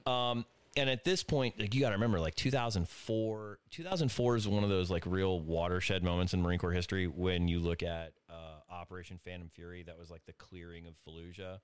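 A man's voice: sits low, fairly even intonation, a little fast, clear, resonant tone, no room sound. A middle-aged man, a Marine veteran guest, telling war stories in a casual chat, self-mocking and laughing at himself.

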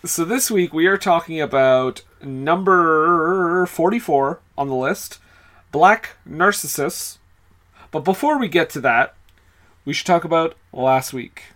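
A man's voice: on the high side, lively intonation, takes it slowly, a bit bright. A man from Canada co-hosting a podcast in casual comedic chat, easygoing, reading out listener comments. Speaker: podcast co-host.

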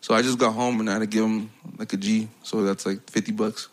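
A man's voice: on the low side, flat delivery, quick pace. A young man from the United States telling stories in casual chat, rambling, slangy and profane, often laughing.

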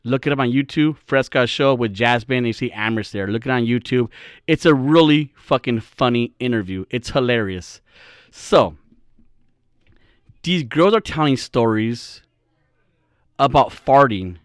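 A man's voice: medium pitch, measured pace, smooth, no echo, studio quality. A young man hosting a podcast, telling a rambling, profane, jokey story in casual comedic style. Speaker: podcast host.

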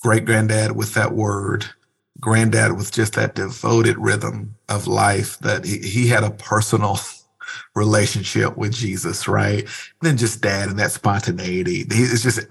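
In a conversational interview, a pastor talks through his thoughts in a low, slightly husky voice at a measured pace. He's earnest and reflective, keeping a conversational tone while occasionally leaning into animated asides.

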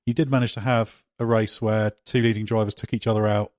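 A man's voice: on the low side, little pitch movement, a little fast, darkish tone, no room sound. Man, podcast host, casual joking chat, restarts sentences, dry close sound. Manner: jokey, teasing, frequent restarts.

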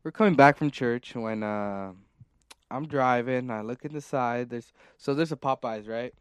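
Young male co-host, smooth and clean, mid pitch, laid-back deadpan delivery, dry close mic. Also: moderate pace, dry recording. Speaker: podcast co-host. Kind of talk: casual chat.

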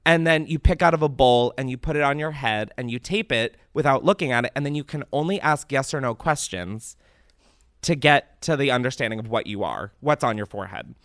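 A young man hosting a podcast, chatting casually and ranting with animated, profane exasperation. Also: medium pitch, fairly quick, no echo, studio quality. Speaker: podcast host.

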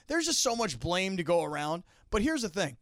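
A man's voice: high voice, very animated, moderate pace, a bit bright, no room sound, clean studio sound. A man co-hosting a sports talk show, talking casually and animatedly, acting out quotes with frequent restarts. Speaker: sports radio co-host.

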